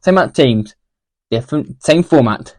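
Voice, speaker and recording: A man's voice: mid-range voice, expressive, moderate pace. Rambling man giving casual football predictions. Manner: rambling, self-correcting, repeats himself. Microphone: mic for home recording.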